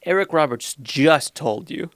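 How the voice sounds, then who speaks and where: A man co-hosting a podcast in a casual movie review chat, sarcastically acting out lines from a bad film in a slow deadpan. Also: on the high side, no echo, studio quality. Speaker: podcast co-host.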